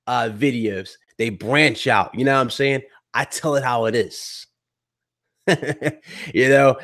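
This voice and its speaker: Heated, lively male streamer ranting. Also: medium pitch. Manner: heated, blunt, mocking. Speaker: gaming podcast host. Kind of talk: live stream rant to chat.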